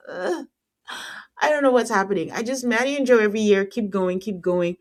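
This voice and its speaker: A woman hosting a podcast, recapping reality TV in a casual, exasperated way with frequent filler words. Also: moderate pace. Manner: exasperated, lively pitch swings. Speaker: podcast host.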